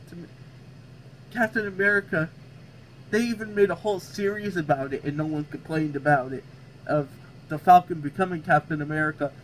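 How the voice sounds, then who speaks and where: A man's voice: high-pitched, a little hiss or hum, poor audio. A man hosting a reaction video, talking back sarcastically at what he reads and tripping over words. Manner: stumbles and restarts over words. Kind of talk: casual reaction commentary.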